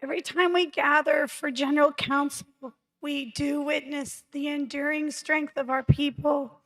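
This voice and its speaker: A hoarse woman, a candidate for vice chair, giving a measured, formal campaign speech at a tribal council meeting. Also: high voice, level tone, fairly bright tone, poor audio.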